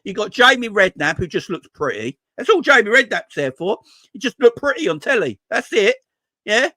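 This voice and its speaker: This is a casual football rant from a fan-channel host whose high, sharp voice has big pitch swings at normal speed, with no room sound. Exasperated when frustrated, he swears, fumbles his words and keeps repeating himself.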